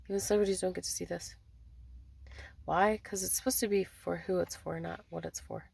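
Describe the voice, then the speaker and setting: A woman's voice: lowish voice, fairly even intonation, brisk, vocal fry, a little mellow, breathy edge. A woman giving an intuitive card reading in a rambling, repetitive way, often speaking quoted messages aloud. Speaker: spiritual card reader.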